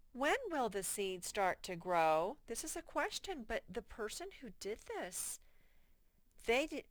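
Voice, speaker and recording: A woman teaching a first grade reading lesson, slowly sounding out words in a patient way. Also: medium pitch, a bit bright, no echo. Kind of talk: reading lesson for young children.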